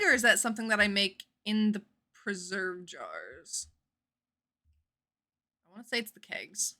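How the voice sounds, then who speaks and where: Bubbly, bright-voiced woman streamer. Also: medium pitch, unhurried, long pauses. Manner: bubbly and animated, reads chat aloud, swears casually. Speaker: live streamer. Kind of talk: casual live-stream chat while gaming.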